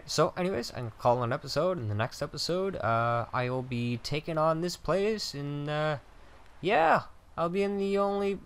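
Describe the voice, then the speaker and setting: Lively, chatty man narrating gameplay. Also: on the high side. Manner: chatty, self-mocking, mild cursing at enemies. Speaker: let's play gamer. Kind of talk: casual gameplay commentary.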